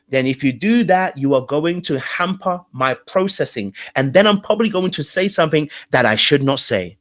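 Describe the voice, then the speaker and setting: A man's voice: a little high, expressive, normal speed, few pauses, a bit bright. Emphatic male coach checking in often. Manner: emphatic, repeats points, checks in with "okay? all right?". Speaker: relationship coach. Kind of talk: live-stream coaching talk, answering chat.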